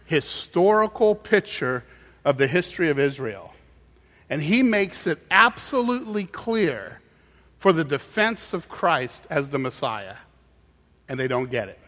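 A man preaching a sermon, telling a story in an animated way with frequent halting restarts. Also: a little high. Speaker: pastor. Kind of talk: sermon with personal anecdote. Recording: hall with long reverb.

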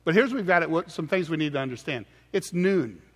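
A man's voice: fairly high pitch, expressive, brisk, long reverb tail. A man preaching a sermon as pastor, earnest and explanatory, often restarting his words.

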